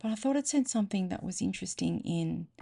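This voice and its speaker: A woman's voice: medium pitch, expressive, fast, creaky, dark tone. An Australian woman hosting a reading channel, chatting casually and thinking aloud in a self-mocking way. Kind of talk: casual chat to camera.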